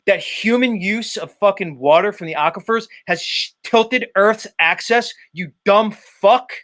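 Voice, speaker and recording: A man's voice: high voice, normal speed, fairly bright tone. Combative, profane male streamer. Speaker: livestream host. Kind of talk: ranting commentary.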